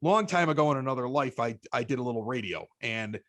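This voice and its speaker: A man with a Chicago accent, a podcast guest telling stories in casual chat, animated and often stammering through restarts. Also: mid-range voice, fast talker, no room sound. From Chicago, United States.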